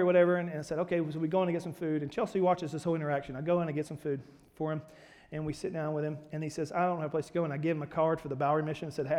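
A male pastor delivers a sermon in a quick, high voice, moving from storytelling to loud, emphatic preaching. His words ring out in a reverberant church hall while soft music plays underneath.

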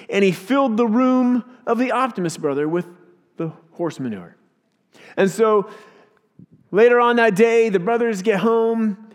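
A man with a high voice preaches as a pastor. He tells his stories with animated delivery and acts out their voices. His voice reverberates through a large church hall. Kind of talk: sermon.

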